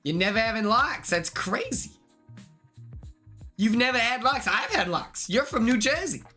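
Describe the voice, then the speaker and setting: A man live-streaming, chatting and gaming in an excitable, rambling way that repeats itself. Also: very high voice, a little slow, faint music behind.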